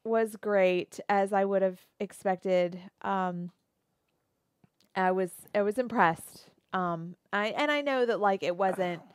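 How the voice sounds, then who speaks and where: A woman's voice: medium pitch, slow, clear, resonant tone, no room sound. Chatty woman co-hosting a podcast, dry sound. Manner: chatty, thinks aloud with restarts; reads live viewer comments aloud. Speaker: podcast co-host. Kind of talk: casual chat.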